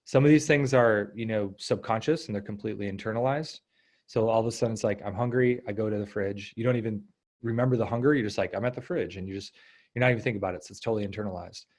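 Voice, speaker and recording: A man in his thirties, a guest coach in a casual interview, explaining ideas and acting out inner thoughts in lively asides. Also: lowish voice, fast. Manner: animated, acts out inner voices.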